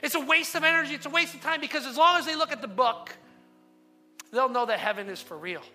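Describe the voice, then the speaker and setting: A man's voice: very high voice, fast, pushed and bright, faint music behind, voice pushed up, exaggerated voice. A man voicing a scornful, commanding male devil who dismisses his demons' schemes. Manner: contemptuous, dismissive, emphatic.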